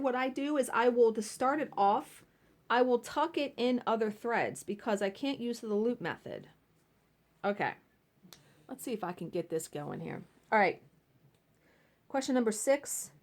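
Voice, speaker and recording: A woman chats at home while working on cross stitch, telling childhood stories to her viewers. She talks slowly, and her pitch swings up and down a lot as she laughs at her own embarrassing memories. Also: animated. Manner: chatty storytelling, laughing at herself. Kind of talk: casual chat while stitching.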